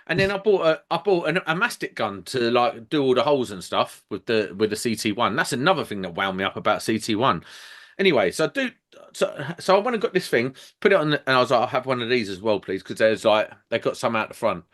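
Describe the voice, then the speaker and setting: A man telling a sweary, animated story as a podcast co-host. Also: medium pitch, fast. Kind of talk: casual chat, ranting anecdote.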